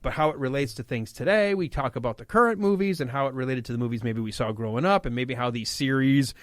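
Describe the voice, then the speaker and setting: A man with a Midwestern accent filling in as a talk radio host, chatting fast and telling animated stories. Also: mid-range voice, no room sound, studio quality. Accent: Midwestern American. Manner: animated, fast storytelling with quoted voices. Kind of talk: casual talk radio chat. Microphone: studio microphone.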